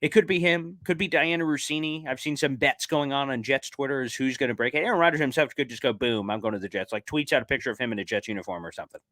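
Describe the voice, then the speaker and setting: A man giving casual commentary in a video, excitable, and he talks straight to his viewers. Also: mid-range voice, fast, few pauses, dry recording, studio quality. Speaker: sports commentator.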